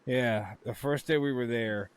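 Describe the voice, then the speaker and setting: A man's voice: medium pitch, a little slow. Profane storytelling podcast man. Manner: profane, storytelling, laughs often. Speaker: podcast co-host. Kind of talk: casual chat.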